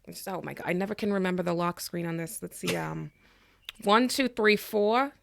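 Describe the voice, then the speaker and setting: A woman's voice: lowish voice, steady tone, fast, gravelly, slight background noise. A woman player chatting scatteredly during a tabletop game. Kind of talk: tabletop role-play chat.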